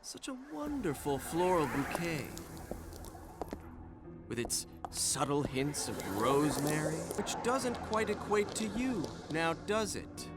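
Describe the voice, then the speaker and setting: A brooding young journalist. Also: male voice, fairly high pitch, sing-song, slow pace. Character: earnest young male journalist. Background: loud game music.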